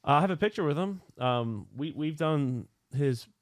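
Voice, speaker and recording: A man's voice: fairly high pitch, lively intonation, normal speed, dry recording, studio quality. A man hosting a podcast, chatting casually and telling laid-back anecdotes with the odd swear word. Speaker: podcast host.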